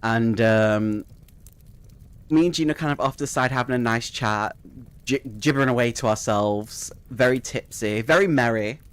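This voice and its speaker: A man's voice: medium pitch, normal speed, clear, resonant tone. A young man casually telling a rambling personal story, swearing freely and laughing at it as he goes. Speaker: streamer.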